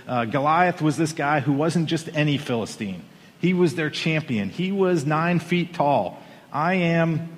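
A pastor preaching a Sunday sermon from a riser in church, telling a story in an animated way and pushing his voice up for emphasis. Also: mid-range voice. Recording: long hall reverb.

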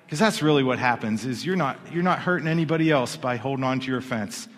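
A man's voice: fairly high pitch, lively intonation, fast, hardly any pauses, a bit bright. A man preaching a sermon in a church, in a conversational way that often restarts his words. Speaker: pastor. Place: church sanctuary. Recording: long hall reverb.

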